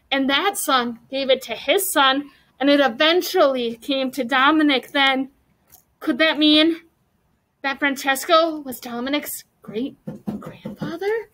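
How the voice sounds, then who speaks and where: A woman teacher reading a chapter book aloud to her class, animated and stopping to ask the children questions. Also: high voice, low-quality recording.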